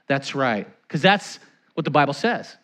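A man's voice: fairly high pitch, a little slow. A man preaching a sermon as a pastor, leading the congregation to repeat lines and acting out stories and quotes. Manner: animated, acts out anecdotes and quotes; leads the congregation in call-and-response.

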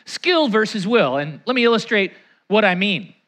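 A man preaches with a high, bright voice that swings widely up and down. He tells stories and acts out the people in them. He calls on his listeners to repeat lines back to him. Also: normal speed. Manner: animated, acts out anecdotes and quotes; leads the congregation in call-and-response. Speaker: pastor. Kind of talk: sermon.

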